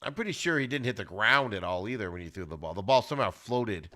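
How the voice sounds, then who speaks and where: A man hosting a podcast, giving an animated, ranting football recap with plenty of exclamations. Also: lowish voice, fast talker. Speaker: podcast host.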